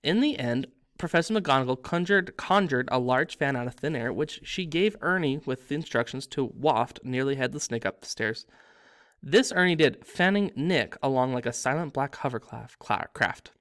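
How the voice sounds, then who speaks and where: Man narrator reading a storybook aloud, mid-pitched, relaxed, chatty asides. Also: moderate pace. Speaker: reader.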